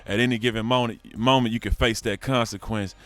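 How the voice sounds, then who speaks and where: A man's voice: mid-range voice, fairly even intonation, brisk, a bit bright. A man, a rapper talking as an interview guest in a laid-back, slangy drawl. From Houston, Texas. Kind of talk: casual interview talk.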